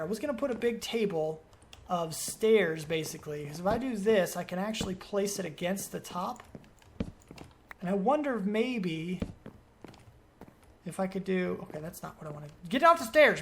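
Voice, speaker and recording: A man's voice: high voice, lively intonation, moderate pace, a little hiss or hum. A man giving let's play commentary as a gaming video creator, rambling and thinking aloud as he questions himself.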